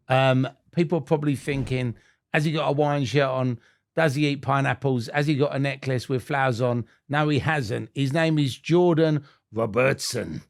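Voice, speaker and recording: A man's voice: medium pitch, moderate pace, gravelly, faint music behind. A man hosting a podcast, chatting in easygoing banter and laughing often. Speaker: podcast host. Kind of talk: casual chat.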